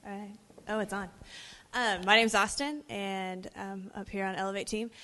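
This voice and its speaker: A woman from a ministry team telling a lively testimony story, animated and laughing as she goes. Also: medium pitch, normal speed. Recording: reverberant hall.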